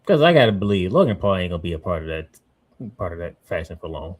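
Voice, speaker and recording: A man's voice: deep voice, sing-song, fast talker. Easygoing man asking questions. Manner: easygoing, laughs often, asks questions. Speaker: podcast co-host. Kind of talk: casual wrestling chat.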